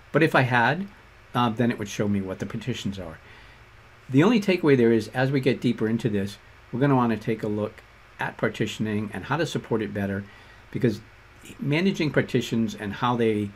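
A man with a Boston accent explaining code step by step in a relaxed tutorial. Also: medium pitch, slightly rough. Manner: relaxed explanatory walkthrough with fillers and asides. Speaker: instructor. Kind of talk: screen-share coding tutorial.

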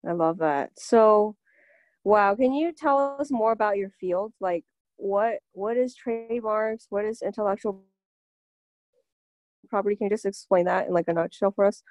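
A woman's voice: mid-range voice, moderate pace, darkish tone, no room sound. A woman hosting a casual interview, enthusiastic and affirming, with frequent agreeing murmurs. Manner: enthusiastic, affirming, many mm-hmms. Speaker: interview host.

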